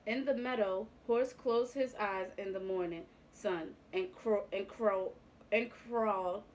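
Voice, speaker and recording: Woman reading a kids' story really slowly and gently, expressive voice, middle pitch. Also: a little hiss or hum, poor audio. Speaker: teacher reading aloud. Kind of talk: children's read-aloud.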